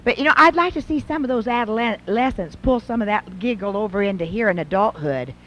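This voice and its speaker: A woman's voice: medium pitch, a little fast. A middle-aged woman giving a folksy, conversational talk to an audience of women, acting out little scenes between mothers and daughters. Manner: animated, folksy, acts out mothers and daughters in quotes. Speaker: speaker at a Christian women's event.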